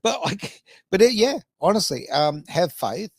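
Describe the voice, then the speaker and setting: A man's voice: high-pitched, very animated, measured pace, no room sound, studio quality. A man, hosting a casual podcast chat, talking in a chatty, self-mocking way with lots of fillers. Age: 50s. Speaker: radio podcast host.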